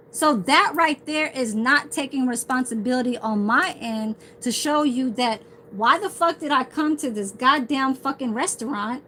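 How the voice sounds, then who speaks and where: A woman's voice: sits high, a little slow, sharp tone, a little hiss or hum, rough recording. Rambling foul-mouthed woman livestreaming. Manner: heavy swearing, rambling storytelling. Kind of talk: casual livestream rant.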